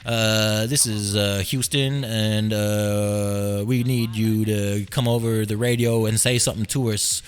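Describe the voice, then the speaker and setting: A man voicing a gruff mission-control radio operator, in slow, clipped radio calls. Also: fairly low pitch, steady tone, pitched below the performer's own voice, lightly acted. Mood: official.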